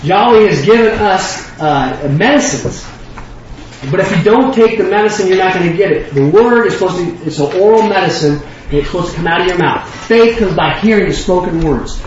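A man preaching a sermon in an animated, emphatic, folksy way. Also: sits high, a little fast. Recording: echoey room, distant mic, dull lo-fi, faint hiss.

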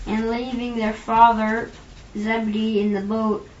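A woman reading a scripture passage aloud in a measured, even way. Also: on the high side. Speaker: scripture reader. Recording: dull, roomy recording with faint noise.

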